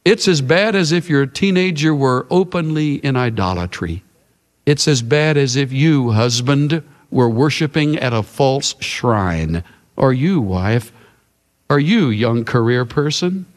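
Dramatic preacher in an echoing hall. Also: male voice, mid-range voice, expressive, takes it slowly. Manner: dramatic and emphatic, with big swings in loudness and pace. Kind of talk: sermon. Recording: long reverb of a large hall.

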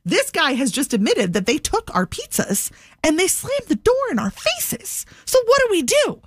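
A woman's voice: sits high, normal speed, dry recording, studio quality. A woman co-hosting a podcast, telling a story in casual chat, filling it with "like" and acting out what people said. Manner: animated, lots of "like", acts out quotes. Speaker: podcast co-host.

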